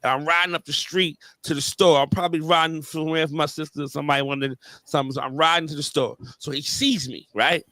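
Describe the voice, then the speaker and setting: Bright-voiced animated storytelling man. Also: a little high, fast, few pauses, no echo. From New York area. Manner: animated storyteller, heavy slang and fillers. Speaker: podcast host. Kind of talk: casual chat.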